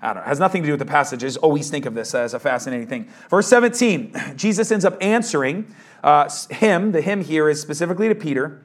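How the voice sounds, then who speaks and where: A man's voice: on the high side, lively intonation, quick pace. A man preaching a verse-by-verse sermon as pastor, in a casual, conversational manner.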